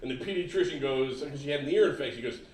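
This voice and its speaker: A man's voice: on the high side, very fast, a little mellow, slight background noise. A middle-aged man doing a stand-up comedy set, punchy and exaggerated, putting on voices for his family. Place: comedy club stage with live audience. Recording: roomy club sound from a distance, audience laughter.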